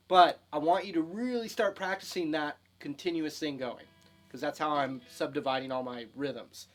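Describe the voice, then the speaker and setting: A man's voice: on the high side, normal speed. A man in his thirties teaching a spoken electric guitar lesson, talking casually with fillers and restarts, counting and scatting rhythms aloud. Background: electric guitar playing.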